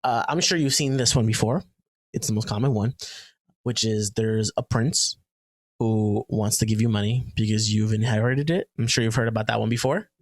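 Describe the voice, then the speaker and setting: A man's voice: on the low side, fairly even intonation, normal speed, no room sound. Joking man in dry close-up sound. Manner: chatty and joking, with frequent fillers and restarts. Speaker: podcast co-host. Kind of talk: casual chat.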